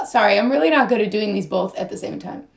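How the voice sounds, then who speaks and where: A woman's voice: mid-range voice, creaky, very noisy. A young woman rambling in a goofy, sing-song way as she chats on a live stream while doing her makeup, her voice a bit strained. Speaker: model and influencer.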